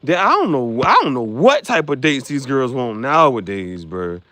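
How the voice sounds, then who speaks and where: A man's voice: medium pitch, big pitch swings, normal speed, bright, forceful tone. A young man hosting a casual livestream, joking and reacting to viewers' comments with frequent laughter. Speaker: livestream host.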